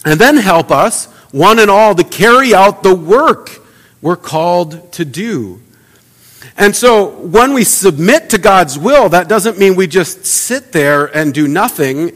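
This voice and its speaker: A pastor giving a sermon in a conversational way, asking the congregation rhetorical questions and acting out little everyday asides. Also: male voice, high-pitched, animated, slow pace, a bit bright. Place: church sanctuary. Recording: long church reverb.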